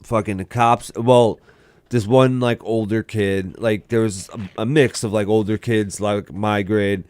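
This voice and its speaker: A man's voice: fairly low pitch, fairly even intonation, unhurried, a little mellow, no room sound. A young man, co-hosting a podcast in casual chat, telling stories full of "like" and swearing. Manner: storytelling, heavy filler "like", swears a lot. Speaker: podcast co-host.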